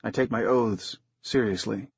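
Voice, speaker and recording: A man playing an older survivor who speaks in a measured, earnest way. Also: on the low side, creaky, breathy edge, no room sound, full character voice. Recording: dull, muffled recording.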